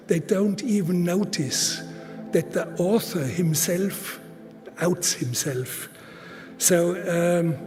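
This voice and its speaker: A man gives a live conference talk in deliberate, halting speech, with fillers and restarts, stressing points by repeating words. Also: high voice, darkish tone. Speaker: conference speaker. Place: large auditorium. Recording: long hall reverb.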